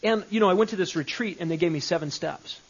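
A man's voice: high voice, fast talker, husky. A man leading a live Bible study session, talking conversationally and repeating phrases with shifting emphasis. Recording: dull lo-fi recording.

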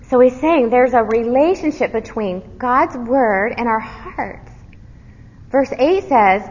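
A woman giving verse-by-verse Bible teaching, earnest, quizzing her listeners and dropping to a soft, low voice on key words. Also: animated, slow pace, breathy edge. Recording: dull recording with long hall reverb.

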